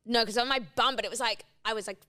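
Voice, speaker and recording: A woman's voice: on the high side, fairly even intonation, quick pace, bright, forceful tone, clear, resonant tone, no echo, studio quality. A young woman in casual chat, rambling through a story with lots of "like" and freely swearing.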